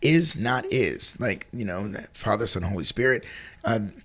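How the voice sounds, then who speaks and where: A man's voice: on the low side, lively intonation, normal speed, a bit bright. A man co-hosting a casual chat, talking earnestly and rambling about faith and feeling good. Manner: earnest, rambling, acts out little voices in stories. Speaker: co-host.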